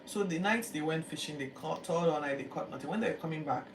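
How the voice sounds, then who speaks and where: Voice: mid-range voice, quick pace. Chatty teacher, echoey room. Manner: lively storytelling with acted quotes, chatty fillers. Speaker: Bible teacher. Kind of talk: casual Bible-reading commentary. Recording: echoey room, distant mic, background noise.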